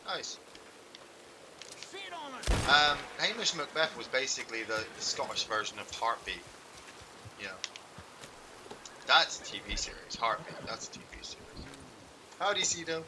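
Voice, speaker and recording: A man's voice: medium pitch, animated, measured pace, pauses often. Chatty, swearing man streaming a game. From England. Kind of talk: casual live gameplay commentary. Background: game noise, hoofbeats and clicks.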